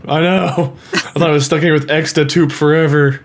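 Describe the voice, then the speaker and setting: A man's voice: a little high, steady tone, moderate pace, noisy background. Jokey young man in a gameplay chat. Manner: jokey, playful, laughs often. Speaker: gaming YouTuber.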